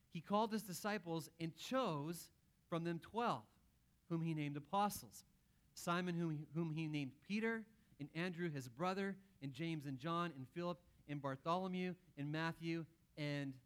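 A man with a slightly higher-pitched voice preaching a sermon to his congregation. He talks in a relaxed, conversational way and drops in playful asides. He acts out the quotes as he goes. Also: clear, resonant tone. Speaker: pastor.

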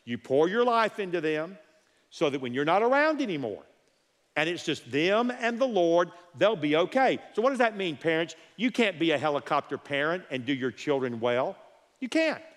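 A man preaches a sermon with strong emphasis, repeating key phrases and counting off his points. His voice sits somewhat high, and a long reverb trails each phrase in the church sanctuary. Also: lively intonation, normal speed.

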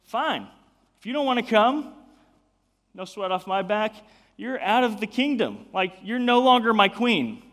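A man's voice: high-pitched, moderate pace, a bit bright, big-room sound. A man voicing a brash young king who talks in offhand modern slang. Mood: annoyed. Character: boastful young king throwing a party.

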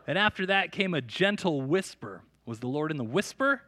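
A man preaching a sermon at a church service, reading scripture with dramatic emphasis and breaking into lively, joking asides. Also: on the high side, moderate pace, hardly any pauses, dry recording. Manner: animated storytelling with asides and jokes. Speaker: pastor.

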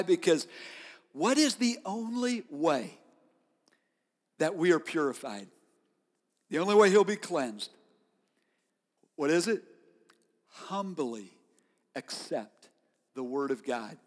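A male pastor preaching a sermon with conversational, animated storytelling. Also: sits high. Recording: long hall reverb.

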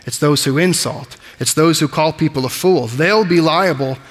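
Pastor, male, higher-than-average voice; emphatic preaching style, recorded with lingering room reverb. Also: normal speed, soft background music. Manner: emphatic preaching, explains Greek words. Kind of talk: sermon.

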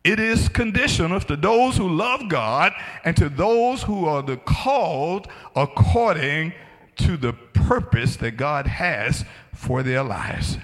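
Middle-aged male pastor, slow emphatic sermon delivery, higher-pitched voice, long reverb. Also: animated. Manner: emphatic, rising to shouts on key points.

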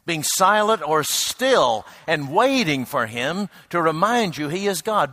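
A man preaching a reflective sermon, unhurried, with frequent hesitant restarts. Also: fairly high pitch, big pitch swings, bright, forceful tone, dry recording.

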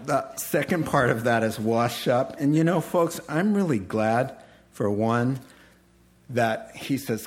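A man's voice: medium pitch, lively intonation, takes it slowly. A middle-aged male preacher delivering a folksy, humorous sermon, chuckling at his own lines.

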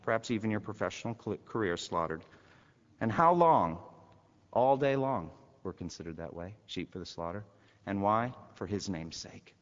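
A man's voice: lively intonation, normal speed. Fervent male preacher in a reverberant hall. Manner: rises to loud, high-pitched fervent exhortation. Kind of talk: sermon. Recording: muffled hall recording with long reverb.

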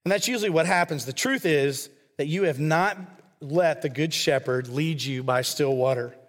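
A man's voice: fairly high pitch, normal speed. A man preaching a sermon as a pastor, earnest and conversational, often acting out quoted voices. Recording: long hall reverb.

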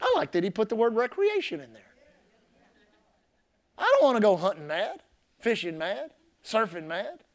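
A man preaching a sermon as pastor, impassioned and repeating his key phrases, swinging from shouted emphasis to soft, low asides. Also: big pitch swings, moderate pace, pauses often.

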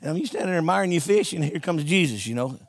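A man preaching with a somewhat high voice, joking and telling a story with lively call-and-response to his congregation. The sound is dry and close, with little room around it. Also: racing, dry recording. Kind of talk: sermon.

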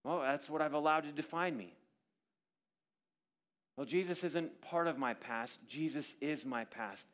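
A man preaching a sermon, reading scripture earnestly and moving between emphatic stresses and hushed, quiet lines. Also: a little high, unhurried, pauses often. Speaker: pastor.

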